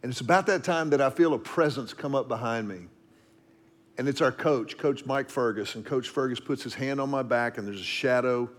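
A middle-aged man from Texas telling a story in a devotional talk, dropping to a hush for asides. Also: mid-range voice, normal speed. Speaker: speaker.

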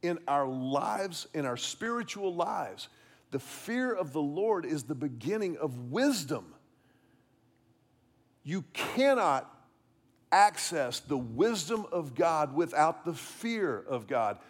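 A middle-aged man delivers a sermon with earnest conviction. His voice sits slightly high for a man, and he often doubles back on a word as he builds a point for the room. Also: big pitch swings, slow pace, breathy edge. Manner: earnest, repeats words when stressing a point. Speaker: pastor. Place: church hall with an audience.

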